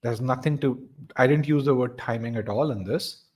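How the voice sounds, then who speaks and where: Man, webinar instructor, mid-pitched voice, explanatory, stumbling restarts, answers audience comments. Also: moderate pace, a little mellow. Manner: explanatory, many restarts and repeated words. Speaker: test prep instructor. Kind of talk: live webinar teaching.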